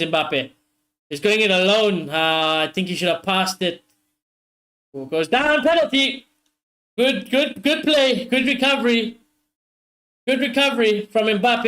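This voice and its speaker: A high-voiced man streams a live football watchalong. He reacts loudly to every chance, swears freely and keeps calling out to his viewers. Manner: excitable, swears often, talks straight to viewers.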